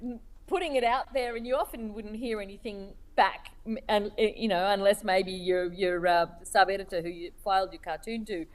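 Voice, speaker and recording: A woman being interviewed as a cartoonist, speaking in a thoughtful, halting way as she searches for words. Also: mid-range voice, fairly even intonation. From Australia. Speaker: cartoonist guest. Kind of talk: reflective interview talk.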